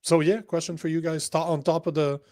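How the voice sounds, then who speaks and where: A young man co-hosts a loose political talk show, blunt and foul-mouthed, rambling as he calls out names from the chat. His voice sits a little high, and the recording is dry and close. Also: flat delivery, fairly quick, darkish tone, no room sound. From Canada. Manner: blunt, profane and rambling, talks to live chat. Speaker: podcast co-host.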